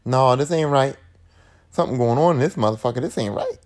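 A man's voice: mid-range voice, brisk, darkish tone, voice pushed down, lightly acted. Man voicing a stubborn profane teen girl. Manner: blunt and profane. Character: teenage girl investigating, stubborn, suspicious.

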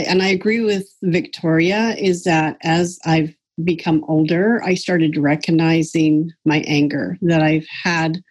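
A middle-aged woman talks openly on a group call, pausing often with ums. Her voice sits a little low and is breathy and husky. She is candid and pokes fun at herself. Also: darkish tone. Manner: hesitant, many ums, self-deprecating. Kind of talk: casual personal sharing.

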